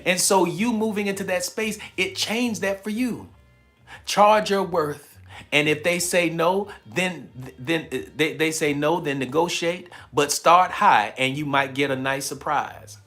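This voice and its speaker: A man hosts a live stream, delivering a preachy, emphatic motivational talk while reading chat comments aloud and laughing often. His voice is fairly high and sharp, his pace a little slow, with soft music playing behind him.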